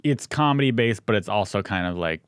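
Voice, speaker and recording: Deep-voiced quick-talking male host. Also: expressive, clear, resonant tone, no room sound. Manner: quick interjecting questions and wry asides. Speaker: podcast host. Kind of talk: casual podcast chat.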